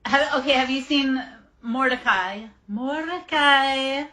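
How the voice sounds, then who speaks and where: A woman's voice: medium pitch, measured pace, bright, forceful tone. A woman in her forties hosting a livestream tarot reading, chatting casually with viewers and drifting off on tangents. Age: 40s. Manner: chatty, rambling, goes off on tangents while answering chat. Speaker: tarot reader and livestream host.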